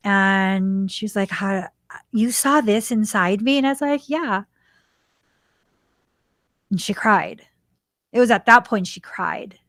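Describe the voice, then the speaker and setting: A woman's voice: fairly high pitch, a little slow, dry recording, clean studio sound. A woman hosting a spiritual podcast, telling a personal story with emotion and acting out the dialogue. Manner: emotional, animated retelling with quoted dialogue. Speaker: podcast host. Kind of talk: heartfelt storytelling.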